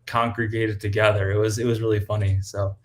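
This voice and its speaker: A man's voice: on the low side, flat delivery, brisk. A man speaking as a guest on a podcast in casual, chatty talk full of fillers. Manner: chatty, laughs often, many fillers. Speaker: guest cosplayer.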